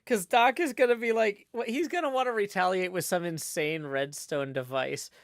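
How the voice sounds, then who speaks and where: A man's voice: high-pitched, normal speed, gravelly, dry recording, studio quality. A man from Nashville, chatting casually on a livestream in a rambling, self-deprecating way. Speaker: streamer.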